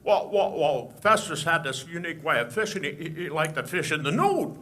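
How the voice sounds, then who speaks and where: A man doing an impression of a stammering, folksy old-time film actor, telling a tall tale with a halting, drawling delivery. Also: on the high side, animated, a bit bright.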